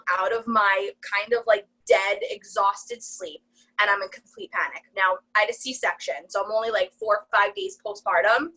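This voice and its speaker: A young woman, a new mom, guest on a casual podcast, telling stories in an animated way with lots of fillers and laughter. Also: medium pitch, low-quality recording. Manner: animated storytelling, many "like" fillers, laughs often.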